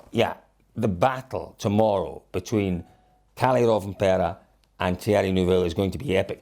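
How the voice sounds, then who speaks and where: A man hosting a casual rally review chat, energetically running through the standings. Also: medium pitch. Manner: energetic, reels off results standings. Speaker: rally show host.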